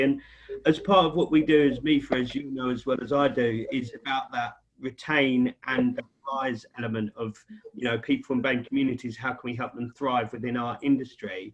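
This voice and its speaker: Male panel host, muffled call. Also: medium pitch. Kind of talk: panel discussion on video call.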